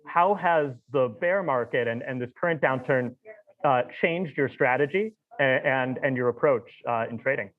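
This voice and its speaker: A man moderating a virtual panel, asking questions with halting fillers. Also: medium pitch. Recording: tinny phone-like line.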